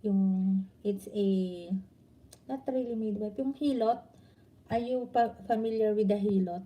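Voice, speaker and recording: A middle-aged Filipino woman chatting casually to her viewers in accented English, often pausing to search for words. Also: mid-range voice, lo-fi sound. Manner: halting, searches for words, mixes in Tagalog. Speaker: vlogger.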